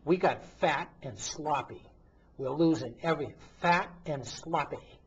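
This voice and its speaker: A slightly high, husky male voice, unhurried in pace, belongs to a priest hosting a talk show. He delivers an impassioned, indignant commentary loaded with rhetorical questions, and the recording sounds dull and lo-fi.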